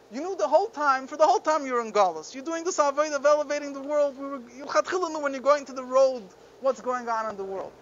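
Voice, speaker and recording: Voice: high-pitched, a bit bright. A Torah teacher giving a Chassidic text class, explaining stories earnestly and often restarting mid-sentence. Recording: dull lo-fi recording with faint background noise.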